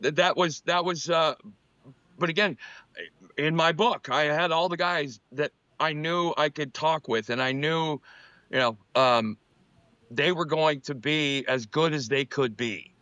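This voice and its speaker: A man tells baseball stories in a relaxed podcast chat, his voice bright and a little high for a man. He talks in bursts and restarts his sentences as he goes. The sound is dry and slightly dull. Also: unhurried, smooth, dry recording. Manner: animated anecdotes, frequent restarts. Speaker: former MLB pitcher, co-host. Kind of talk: casual storytelling chat.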